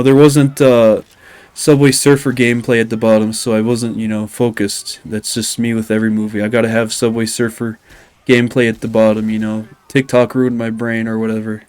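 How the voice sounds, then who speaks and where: A man's voice: mid-range voice, darkish tone, smooth. A young man rambling through a casual video commentary, self-deprecating, with lots of fillers and joking asides. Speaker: commentary YouTuber.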